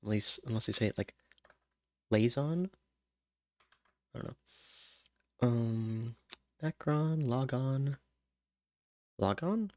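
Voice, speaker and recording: A man's voice: medium pitch, slow pace, pauses often, dry recording. A man thinking aloud while he writes song lyrics, muttering rhyme words and humming placeholder syllables. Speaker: songwriter.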